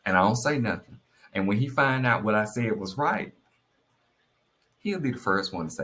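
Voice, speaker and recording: Deep-voiced man, animated storyteller, earnest and encouraging advice vlogger. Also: moderate pace, pauses often. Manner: animated storyteller, acts out quotes in a high voice. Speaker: vlogger giving marriage advice. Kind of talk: casual heartfelt advice talk.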